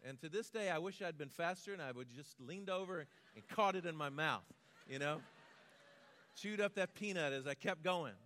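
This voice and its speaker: A man with an American accent preaching a sermon, telling personal stories in a quiet manner and building to a rhythmic closing litany. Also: a little high, normal speed, big-room sound, slight background noise. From United States.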